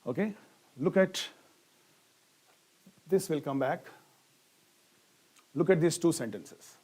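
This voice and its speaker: A man's voice: on the high side, slow, pauses often, a little mellow. A middle-aged man, teaching a grammar lesson and asking the class questions that he then answers himself, leaning hard on key words. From India.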